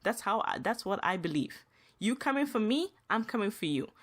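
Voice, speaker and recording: A woman's voice: big pitch swings, normal speed, a bit bright. Emphatic woman venting on a podcast. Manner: emphatic, repetitive, rises in pitch when upset. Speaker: podcast host. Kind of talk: solo podcast monologue, venting.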